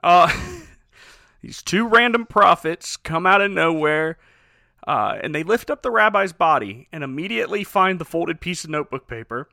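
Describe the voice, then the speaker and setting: Podcast co-host, man, bright and upper-pitched, wry movie-recap storyteller, dry close mic. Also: animated, normal speed, creaky, no echo. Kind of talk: casual comedic movie recap.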